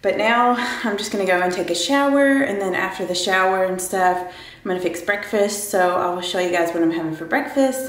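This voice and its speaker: A woman's voice: on the low side, echoey room. A woman narrating her day in a casual vlog at home, chatty and full of "like" and side remarks. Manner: chatty, sprinkled with "like" and trailing asides. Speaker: vlogger.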